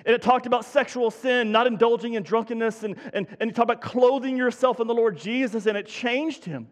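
A man's voice: extremely high pitch, brisk, in a large hall. A man preaching a sermon as pastor, folksy and self-deprecating, with many restarts. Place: church sanctuary.

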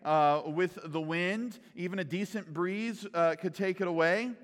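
Male pastor, conversational teaching sermon, slightly higher voice, long hall reverb. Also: a little slow. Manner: conversational, often asks "right?", repeats words as he starts sentences.

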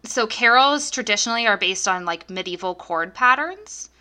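A woman's voice: fairly high pitch, animated, moderate pace, bright, forceful tone, smooth. A young woman co-hosting a podcast, chatting casually with lots of fillers and laughs. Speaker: podcast co-host. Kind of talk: casual chat.

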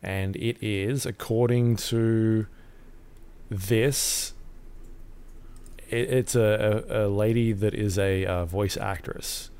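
A man co-hosting a casual podcast in a slightly low voice. He tends to ask questions and often hesitates, restarting his sentences as he goes. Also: fairly even intonation, slow pace, pauses often, darkish tone, clean tone. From Australia. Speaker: podcast co-host. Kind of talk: casual chat.

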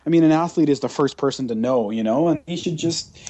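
A fairly high-voiced man with a warm, mellow tone, co-hosting a casual chat. He rants with animated energy and breaks into mocking impressions. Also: fast talker. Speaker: podcast co-host.

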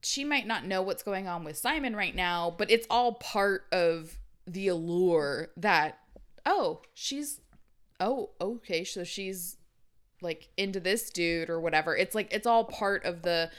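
A woman co-hosting a casual podcast chat, giving quick opinions and filling her speech with "like". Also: lowish voice, expressive. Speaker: podcast co-host.

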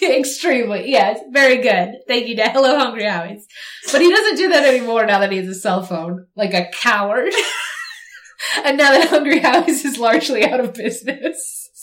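A woman's voice: fairly high pitch, animated, moderate pace, a bit bright. A woman casually retelling a story with a co-host, acting out the characters' lines as she goes. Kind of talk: casual chat. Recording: roomy echoey recording.

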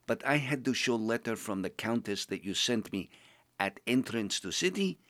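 A man's voice: medium pitch, animated, moderate pace, a bit bright, dry recording, lightly acted. A man voicing a blunt foreign male adventurer who drops his articles and speaks broken English. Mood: puzzled. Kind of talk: podcast role-play.

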